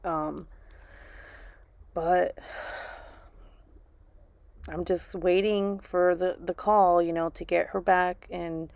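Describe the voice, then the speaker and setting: Grieving mom vlogger, low and gravelly, halting, full of restarts and fillers. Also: female voice, steady tone, darkish tone, dry recording. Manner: halting, restarts and repeats herself, lots of fillers. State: grieving, subdued. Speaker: vlogger and mother. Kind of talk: casual personal vlog.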